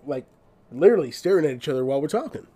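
A man's voice: fairly high pitch, very animated, very fast, dark tone, breathy edge. A young man co-hosting a casual, improvised podcast over a video call, laid-back and laughing often. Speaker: podcast co-host.

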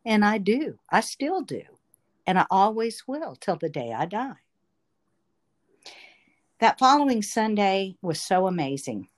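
A woman recounts her personal faith testimony at a slow, deliberate pace. Her telling is earnest and emotional, and her voice sits at an ordinary middle pitch. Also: sing-song. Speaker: testimony speaker.

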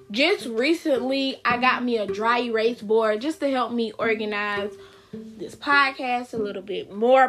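A woman's voice: fairly high pitch, a bit bright. A young woman hosting her own podcast in a chatty, informal way, talking straight to her listeners. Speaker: podcast host. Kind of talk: casual solo podcast chat. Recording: faint music behind voice.

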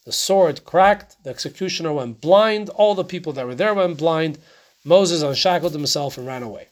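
A man's voice: fairly high pitch, lively intonation, normal speed. A man teaching a casual Torah class, talking conversationally, often asking rhetorical questions and checking in with "right?".

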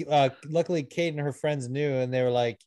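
A man's voice: a little high, a little fast, dark tone, clean tone, no echo. Man telling a story on a podcast. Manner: storytelling, loose, swearing. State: sick. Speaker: podcast co-host. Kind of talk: casual podcast chat.

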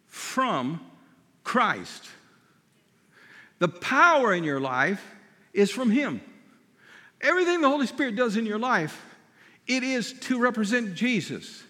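Male pastor, high and very lively pitch, emphatic sermon delivery, long hall reverb. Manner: emphatic preaching, slows and drops to a hush for stress.

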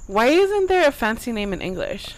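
A woman co-hosting a podcast in casual chat, giggly and animated as she leads a segment. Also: a little high, moderate pace, low-quality recording. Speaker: podcast co-host. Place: backyard.

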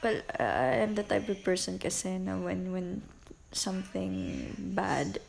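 A young Filipino woman with a Filipino accent, hosting a personal podcast, talking slowly and haltingly in a tearful state, mixing English and Tagalog. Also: mid-range voice, creaky. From Philippines. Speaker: podcast host.

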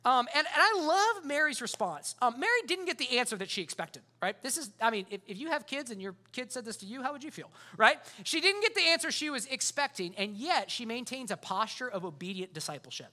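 Fast, bright-voiced casual pastor. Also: male voice, extremely high pitch, big pitch swings. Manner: casual, conversational preaching with frequent fillers. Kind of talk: sermon.

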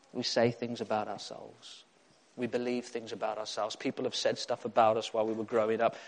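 A man preaching a sermon, emphatic and repetitive, building up to excitement. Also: medium pitch. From South Africa.

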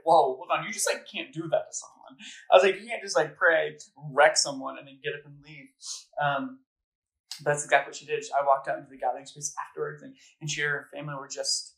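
A man's voice: a little high, fairly bright tone, rough recording. A man with a slightly raised voice gives a faith talk to students as their campus minister. He speaks conversationally, scattering "like" and "um" throughout. His delivery is earnest and personal, built around stories from his own life. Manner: conversational, full of "like" and "um" fillers. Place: gathering room at a campus center, live audience.

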